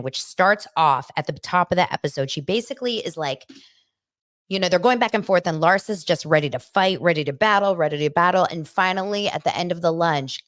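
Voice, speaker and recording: A woman hosting a casual pop culture podcast, chatty and animated, with a dry close-mic sound. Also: no room sound. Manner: chatty, animated, mocks others in shrill voices. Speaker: podcast host.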